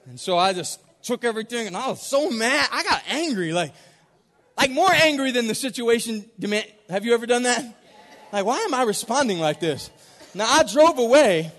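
High, lively-voiced preacher man in reverberant hall. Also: normal speed. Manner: animated, acts out his own reactions with laughter. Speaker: pastor. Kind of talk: storytelling sermon. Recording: long reverb of a large hall.

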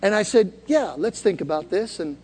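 High-voiced man preaching a sermon. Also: lively intonation, moderate pace, darkish tone, breathy edge, long reverb tail. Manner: conversational storytelling, building to calls for the crowd to repeat after him. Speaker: pastor. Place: church hall before a congregation.

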